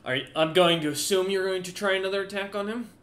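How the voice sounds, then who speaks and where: A man running a tabletop game as game master, narrating in a rambling style with frequent restarts. His voice sits a little high for a man. The room around him sounds echoey. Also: steady tone, fast talker, fairly bright tone. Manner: rambling, full of fillers and restarts.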